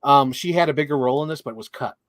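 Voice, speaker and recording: A man co-hosting a casual movie chat, animated, laughing often and acting out lines he quotes. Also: mid-range voice, fast talker, dry recording. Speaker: co-host.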